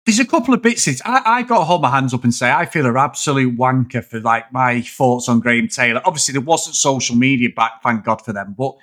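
A man's voice: mid-range voice, fairly quick, hardly any pauses. A man co-hosting a casual film podcast, swearing and eagerly acting out his favourite scenes. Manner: animated, swearing, acts out scenes. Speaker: podcast co-host.

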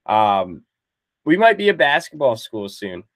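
A man's voice: mid-range voice, very animated, a little slow, no room sound. A man co-hosting a sports podcast, bantering in an upbeat, reassuring way. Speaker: podcast co-host. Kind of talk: casual sports chat.

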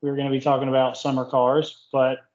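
Southern man, mid-pitch co-host, easygoing and jokey, dull lo-fi recording. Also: fairly quick. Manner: relaxed, joking, with fillers. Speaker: podcast co-host. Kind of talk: casual chat. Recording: dull lo-fi sound.

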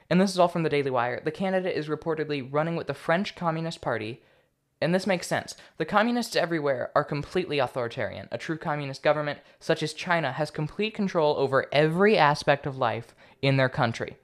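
Young man, slightly high voice, solo podcast host, casual, sarcastic. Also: animated, fairly quick. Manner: casual, sarcastic, stumbles over foreign names. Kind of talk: solo political commentary podcast.

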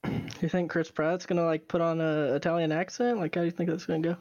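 A man's voice: on the high side, fast talker, dry recording, lo-fi sound. A young man co-hosting a casual podcast, joking and laughing often. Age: young adult. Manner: animated, laughs often, jokey. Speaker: podcast co-host. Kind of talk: casual chat.

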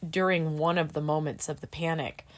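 A woman's voice: deep voice, fairly even intonation, moderate pace. A middle-aged woman and student pilot in casual chat, candid and emotional, with plenty of fillers like "like" and "dude.".

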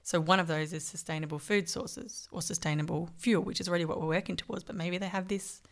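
Animated woman podcaster. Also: on the low side, fast talker. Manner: animated, laughs often, speculative. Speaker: podcast co-host. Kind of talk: casual chat.

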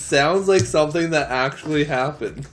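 A man's voice: on the high side, moderate pace. Teasing young man, laughing a lot. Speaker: podcast co-host. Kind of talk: casual chat.

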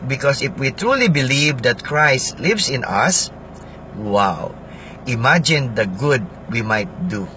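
A man's voice: medium pitch, lively intonation, takes it slowly, sharp tone, a little hiss or hum. A man with a Filipino accent preaching a sermon, repeating phrases for emphasis and asking his listeners questions.

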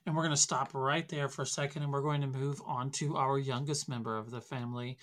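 A woman narrating a tabletop game as game master, descriptive and often pausing on fillers. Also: a bass voice, steady tone.

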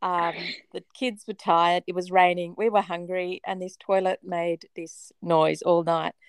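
A woman in her forties telling a personal story in a casual chat, animated and dramatic, often laughing. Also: lowish voice, unhurried, clear, resonant tone, no room sound.

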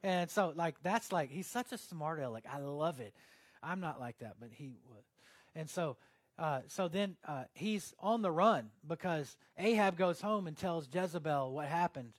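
A man delivers a sermon in a fairly high voice, chatty and full of fillers. He moves between loud emphatic stretches and soft, almost whispered passages, recorded dry and close with no room sound. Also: lively intonation, normal speed, dry recording. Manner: conversational, with fillers like "like" and "uh". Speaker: pastor.

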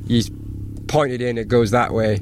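A man, a sailboat captain, telling lively stories in a casual interview and acting out the things people said. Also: medium pitch, normal speed, background noise. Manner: animated anecdotes, acts out quoted exchanges. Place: outdoors by an anchored sailboat.

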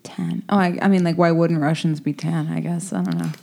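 A woman's voice: low-pitched, expressive, a little fast, gravelly, mellow. Chatty woman co-host. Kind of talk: casual podcast chat.

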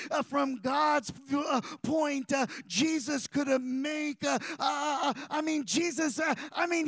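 A man's voice: extremely high pitch, fairly bright tone, dry recording. A man preaching a fervent sermon outdoors in a park, with many "uh" fillers between phrases.

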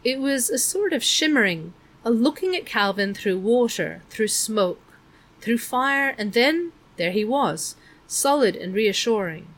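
A woman's voice: on the high side, expressive, unhurried. Woman narrating a storybook. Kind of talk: audiobook narration.

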